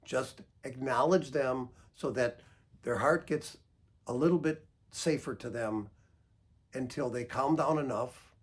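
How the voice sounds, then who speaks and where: A man counselor calmly giving advice, patient and gentle, explaining through examples. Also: medium pitch, a little slow, breathy edge. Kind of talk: calm instructional talk.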